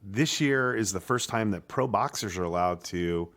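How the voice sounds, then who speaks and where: A man co-hosting a casual sports talk podcast, talking in a halting way, full of "uh" and "I mean", and getting worked up over his opinions. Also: lowish voice. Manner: animated, halting, with many fillers and restarts. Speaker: podcast co-host.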